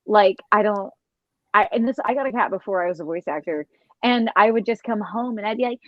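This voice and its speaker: A young woman voice actor with a slightly husky, textured voice, telling a rambling story in casual panel chat and slipping into voices. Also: medium pitch, brisk, dry recording, muffled recording.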